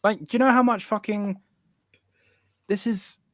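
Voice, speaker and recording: A man's voice: sits high, fairly even intonation, unhurried, fairly bright tone, no echo, studio quality. A man co-hosting a casual podcast chat, boastful and playfully indignant, swearing a lot. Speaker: podcast co-host.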